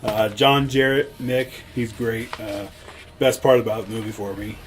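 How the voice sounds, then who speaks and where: A man co-hosting a podcast, chatting casually about horror movies with easy laughs and lively banter. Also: fairly low pitch, unhurried, slight background noise. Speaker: podcast co-host.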